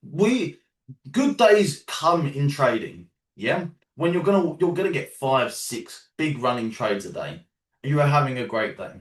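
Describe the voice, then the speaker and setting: A man's voice: mid-range voice, very animated, unhurried, roomy sound, recorded from a distance. A man with a London accent coaching a group of traders on a live call, casual, sometimes swearing, and checking in with "yeah?" and "right?". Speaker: trading coach.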